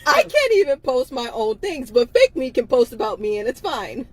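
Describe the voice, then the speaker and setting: A woman's voice: sits high, big pitch swings, normal speed. A tired woman on a livestream, talking emphatically and repeating herself with laughs between phrases. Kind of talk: livestream monologue.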